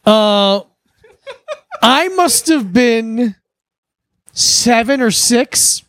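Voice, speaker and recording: A man's voice: very high-pitched, expressive, drawn-out words, fairly bright tone, slight background noise. A man from South Florida co-hosting a podcast, telling a childhood story in earnest, rambling casual chat. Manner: earnest, rambling with fillers and restarts. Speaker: podcast co-host. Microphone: podcast studio mic. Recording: dry close studio sound.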